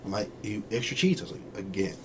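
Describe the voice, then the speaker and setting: A male podcast co-host tells a casual story with a lively, swooping voice, slipping into the voices of the people he quotes. He laughs easily. There is a faint hiss of background noise under him. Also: fairly low pitch, rapid-fire. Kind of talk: casual chat.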